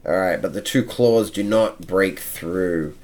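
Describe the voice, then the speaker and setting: Slow, deep-voiced male game master. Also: a little mellow. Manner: measured, counting out moves step by step. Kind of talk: narrating a tabletop game.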